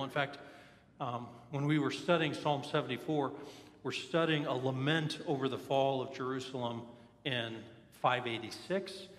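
An echoey church hall carries the fairly bright, mid-range voice of a male pastor. Preaching from the sanctuary, he tells personal stories with candor and sincerity.

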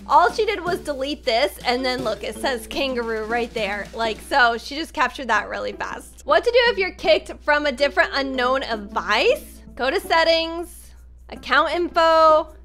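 Bright, high-voiced gushing woman host. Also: lively intonation, normal speed, soft background music. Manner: gushing, gasps a lot. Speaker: gaming video host. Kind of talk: excited reaction commentary.

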